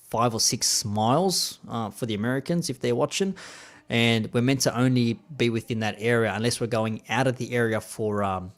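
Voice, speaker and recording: Laid-back Australian man chatting on stream. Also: mid-range voice. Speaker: live-stream host. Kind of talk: casual live-stream chat.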